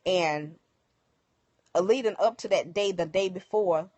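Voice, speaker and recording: A woman's voice: on the low side, a little slow, no room sound. Woman, emotional storytelling, dry close sound, phone livestream. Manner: emotional, animated retelling with quoted dialogue. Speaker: livestream host. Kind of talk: casual storytelling to viewers.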